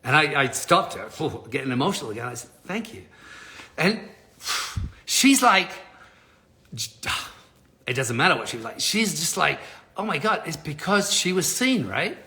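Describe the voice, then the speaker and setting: A man telling a story on a live stream as a motivational speaker, animated, often laughing and swearing casually. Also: a little high, a little fast.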